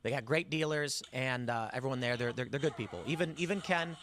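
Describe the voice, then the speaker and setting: A man's voice: mid-range voice, a little fast, a bit bright, a little hiss or hum. A man hosting a talk show, telling stories in a rambling, conversational way with frequent restarts. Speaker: podcast host. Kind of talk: casual political commentary and storytelling.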